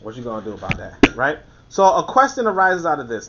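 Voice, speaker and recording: A man with a high voice reads passages from a book and breaks off to comment on them. He talks emphatically and repeats his points for effect. The recording sounds dull and lo-fi. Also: big pitch swings, fast talker, a bit bright. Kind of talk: reading a book aloud with commentary.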